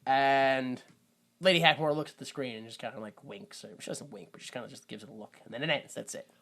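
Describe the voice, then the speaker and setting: Young male podcast co-host; animated, jokey movie recapper who swings into loud disbelief. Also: medium pitch, fast, creaky. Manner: animated retelling with loud mock-confused outbursts. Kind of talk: casual movie-recap chat.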